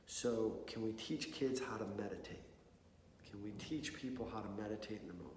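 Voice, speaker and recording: A man's voice: fairly low pitch, fairly quick, a little mellow, slight background noise. A man giving a conversational talk to an audience on mental preparedness, often checking in with "okay?" and "right?". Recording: echoey hall with long reverb.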